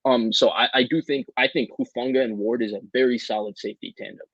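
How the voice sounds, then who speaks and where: A man's voice: medium pitch, fairly even intonation, fast talker, a bit bright, no room sound, highs cut off. A man co-hosting a sports podcast, giving earnest, detailed football analysis with some stammering.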